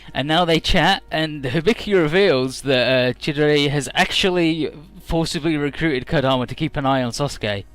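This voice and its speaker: A man's voice: fairly high pitch, normal speed, hardly any pauses, fairly bright tone, soft background music. A young man giving casual, rambling commentary over a story game, swearing freely. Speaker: let's player.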